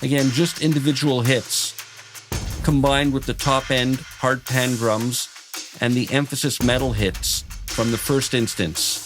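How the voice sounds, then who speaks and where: Guy walking thru a music software tutorial, calm and technical, loud orchestral music playing under him. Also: medium pitch, measured pace. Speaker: music production instructor. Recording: voice over loud background music.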